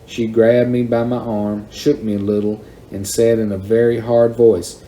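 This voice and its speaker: A man reading a children's novel aloud in a plain, unhurried storytelling manner. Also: on the low side, flat delivery, dark tone, slight background noise. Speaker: reader.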